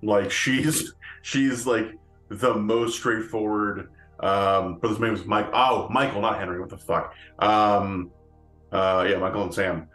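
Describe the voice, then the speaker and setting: Male podcast co-host: slow, low-ish voice, rambling casual talk in a roomy-sounding space. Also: steady tone, fairly bright tone, soft background music. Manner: rambling, many fillers and restarts, laughs often. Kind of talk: casual chat.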